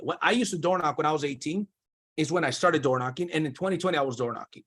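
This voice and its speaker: A man coaching a sales team on a video call, talking in an emphatic, direct way and repeating his key points. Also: sits high. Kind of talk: motivational sales training.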